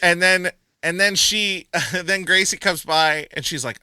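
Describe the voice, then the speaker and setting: A man's voice: high-pitched, a little slow, sharp tone, clean tone, no room sound. A man co-hosting a movie review podcast in casual chat, laughing often and acting out quotes from the film. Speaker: podcast co-host.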